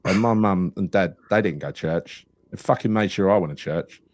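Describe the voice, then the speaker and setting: A man with a low-pitched voice co-hosts a live football podcast, telling stories, swearing a lot and laughing often. He speaks at a normal speed, and there's no room sound.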